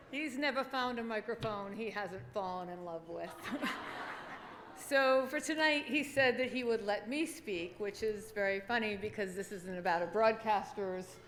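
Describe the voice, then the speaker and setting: Lady at a podium mic in a big echoey banquet hall, chatty and halting, lots of uhs, faint hum behind. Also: mid-range voice, a bit bright. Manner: halting, many fillers, laughing asides. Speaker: award speech speaker. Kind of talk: nervous, chatty acceptance speech. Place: banquet hall at an awards dinner. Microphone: podium microphone.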